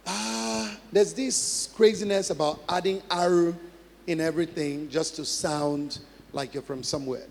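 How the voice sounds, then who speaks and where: A man's voice: a little high, fairly even intonation, a little slow, vocal fry, slight background noise. A man preaching a sermon as pastor, emphatic, repeating key phrases and acting out practice drills. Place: large church hall. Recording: long hall reverb.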